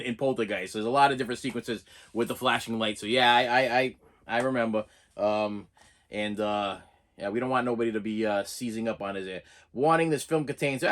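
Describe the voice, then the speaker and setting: A man talking casually about his movie collection, rambling and repeating himself as he rants. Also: medium pitch. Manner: rambling, repeats words, animated ranting. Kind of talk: casual unboxing rant.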